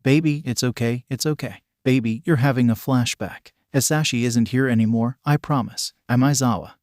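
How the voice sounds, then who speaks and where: A man voicing a gentle, worried father who talks softly and soothingly. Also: mid-range voice, moderate pace, no echo, studio quality, natural voice. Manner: soft, soothing, hushed.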